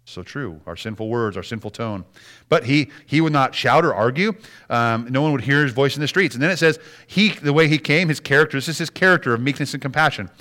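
A middle-aged man preaching a sermon as a pastor, animated and dropping to soft, hushed words for emphasis. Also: mid-range voice, fairly quick.

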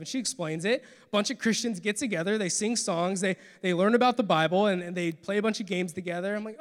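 A man in his thirties preaches with a high, bright voice and tells his story in a lively, animated way. His words ring out with a long reverb, like in a church hall. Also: quick pace, few pauses. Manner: storytelling, animated with acted quotes. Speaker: pastor. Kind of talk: sermon testimony.

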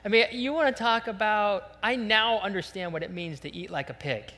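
A man preaching a sermon, telling a lively, joking story and acting out voices as a pastor. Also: high-pitched, moderate pace, long reverb tail. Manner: animated, jokey storytelling, acts out voices.

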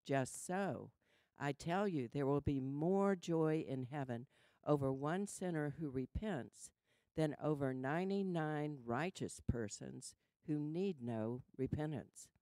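A woman's voice: low-pitched, expressive, dark tone, dry recording. A woman with a Southern US accent reading a Bible passage aloud in church. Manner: slow, measured reading. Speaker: scripture reader.

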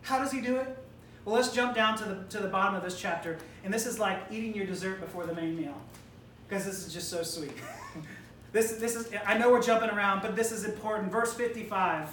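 A woman's voice: medium pitch, normal speed, a bit bright, a little hiss or hum. A woman preacher delivering an emphatic, rhetorical sermon in which she challenges death directly. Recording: roomy hall, distant mic, faint ambience.

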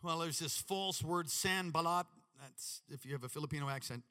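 A man preaching a sermon with animated, dramatic delivery and sudden shouts. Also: a little high, brisk, big-room sound. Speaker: pastor.

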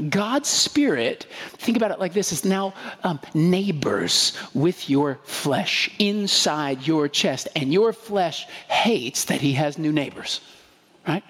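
Husky high-voiced preacher in a reverberant hall. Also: male voice. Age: adult with a young daughter. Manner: storytelling, rhetorical asides, frequent "right?". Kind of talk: conversational sermon.

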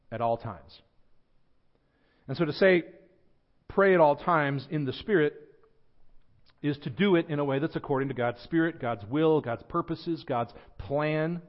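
Male pastor, emphatic sermon delivery, slightly high-pitched, muffled church audio. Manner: emphatic, slows and lifts voice on scripture quotes, drops quiet at phrase ends. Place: church sanctuary.

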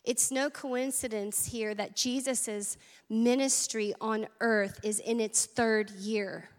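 A woman's voice: fairly high pitch, steady tone, slow, in a large hall. A woman preaching a sermon at church, earnest and conversational, with asides to the congregation. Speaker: teaching pastor.

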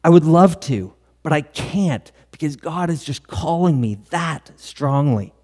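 A man's voice: fairly high pitch, expressive, measured pace, darkish tone. Male pastor, middle-aged, earnest sermon storyteller, long hall reverb. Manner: earnest storytelling with quoted dialogue.

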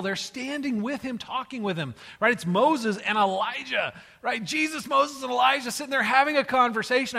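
A man preaching a sermon as a pastor, in an animated, casual storytelling way with slangy retellings. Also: sits high, long reverb tail.

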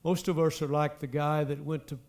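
A man preaches a sermon to his congregation in a slightly high voice. He builds to forceful emphatic swells and then falls to near-quiet drops, addressing the listeners directly. A faint guitar plays underneath. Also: fairly even intonation, a little fast. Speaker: pastor.

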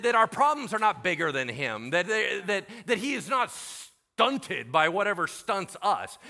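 Animated bright-voiced preacher man. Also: high-pitched. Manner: animated, acts out biblical characters in casual slang. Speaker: pastor. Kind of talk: sermon.

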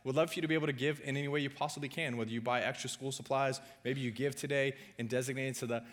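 A man preaching a sermon in a chatty, conversational way, often pausing on filler sounds and making quick asides to the congregation. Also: medium pitch, steady tone, fairly bright tone. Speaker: pastor.

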